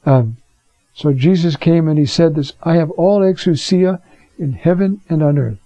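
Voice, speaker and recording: A priest giving a conversational teaching sermon, with rhetorical questions and frequent fillers. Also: male voice, on the high side, normal speed, warm tone, dry recording. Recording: dull lo-fi recording.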